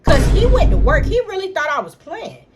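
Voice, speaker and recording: A young woman telling a personal story straight to camera in an animated, profane way, talking to her viewers as y'all. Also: very high voice, normal speed, very noisy. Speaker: storytime vlogger. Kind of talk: casual storytime vlog.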